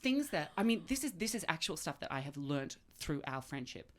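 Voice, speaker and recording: Australian actress, low voice, lively and expressive, swears casually, podcast mic. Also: female voice, brisk, slight background noise. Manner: animated and expressive, swears freely. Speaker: guest actor. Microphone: podcast microphone.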